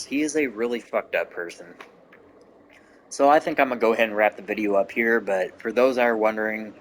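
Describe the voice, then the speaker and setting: A man's voice: fairly low pitch, fairly quick, slight background noise. A man hosting his channel, telling a family story casually to camera, with constant swearing and rambling asides. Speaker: gaming channel host.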